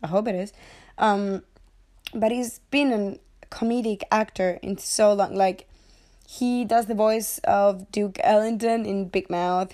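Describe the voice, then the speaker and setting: A woman's voice: medium pitch, dark tone. A woman chatting casually about movies, joking, swearing freely and wandering off on tangents. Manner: rambling, jokey, swears freely, goes off on tangents. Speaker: movie review vlogger.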